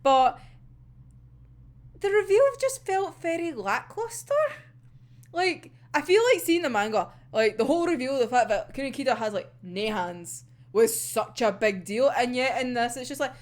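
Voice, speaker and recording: A young woman with a Scottish accent talks through an anime episode in a loose, chatty way. Her fairly high voice swings widely in pitch as she gets worked up, breaking often into laughter and dropping casual swears. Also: expressive, normal speed. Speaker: anime reviewer.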